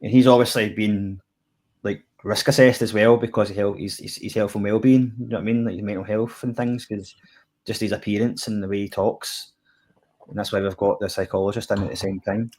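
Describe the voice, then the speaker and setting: A Scottish man with a somewhat low voice talks through a TV episode in casual chat. He rambles, circling back and leaning on fillers as he goes. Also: fairly even intonation, fairly quick, darkish tone. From Scotland. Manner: rambling, filler-heavy, lots of "kinda" and "like". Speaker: podcast co-host reviewing TV.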